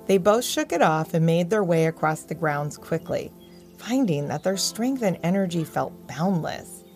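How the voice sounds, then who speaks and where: A woman tells a children's bedtime story with gentle expression. Her low voice has a steady gravelly texture, and soft music plays quietly behind her. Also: moderate pace.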